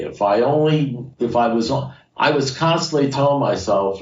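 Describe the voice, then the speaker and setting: A man's voice: mid-range voice, animated, normal speed, few pauses. A middle-aged man telling his story at a recovery meeting, casual and conversational, repeating phrases for emphasis. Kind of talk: personal share at a recovery meeting. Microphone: video call. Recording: roomy, distant, dull video call audio.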